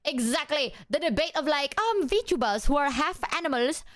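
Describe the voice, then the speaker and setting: A woman streamer telling stories to her chat in a lively, profane, chatty way. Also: sits high, moderate pace, dry recording, studio quality. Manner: animated, profane storytelling, talks to chat. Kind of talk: casual livestream chat.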